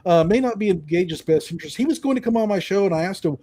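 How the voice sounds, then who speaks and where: Guy hosting a live stream from home, mellow voice, kinda rambly, on a video call. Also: high voice, fast, dry recording. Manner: rambling, many fillers and restarts, relaxed. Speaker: host. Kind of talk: casual chat on a live stream. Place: home in Oklahoma.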